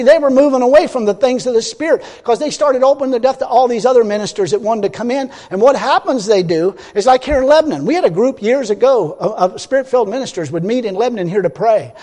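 High-voiced blunt folksy preacher man. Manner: folksy, blunt preaching, swings from quiet asides to loud outbursts. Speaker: pastor. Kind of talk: sermon. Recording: long hall reverb.

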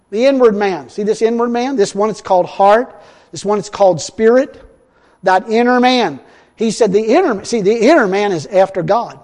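High-voiced preacher in a reverberant hall. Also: male voice, normal speed. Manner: folksy, repeats himself, swings from loud to hushed. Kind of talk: sermon.

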